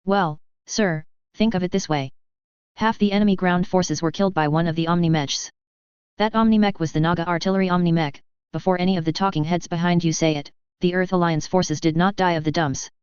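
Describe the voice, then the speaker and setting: A man's voice: high-pitched, fairly even intonation, a little fast, smooth, no echo, natural voice. A narrator voicing a brash, sardonic male mercenary commander in a spoken fan story, with a dull, lo-fi sound. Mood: cocky. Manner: cocky and sardonic. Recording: dull lo-fi dry audio.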